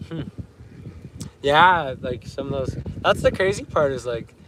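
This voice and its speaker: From a canoe out on a lake, a man in his thirties runs a relaxed fishing livestream, reading the chat aloud and laughing a lot. He has a fairly high voice and speaks in an animated but unhurried way, against a noisy background.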